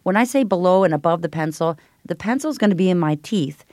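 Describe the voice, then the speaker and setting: An animated, middle-aged woman who teaches voice, explaining her technique in a fairly low speaking register. She is recorded close up on a dry microphone with no room sound. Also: fast, no echo. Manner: animated, explanatory, breaks into sung vowels. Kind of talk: interview answers with vocal demonstrations.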